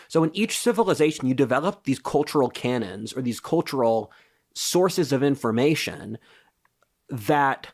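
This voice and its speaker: A man appearing as a podcast guest lays out his views in an assertive, lecturing way during a casual interview. His voice is medium in pitch.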